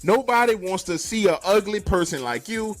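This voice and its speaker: A man's voice: high-pitched, expressive, normal speed, faint music behind, pitched above the performer's own voice. A man voicing an angry drive-thru customer who hurls nonstop insults. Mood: insulting. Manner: relentless, loud insults.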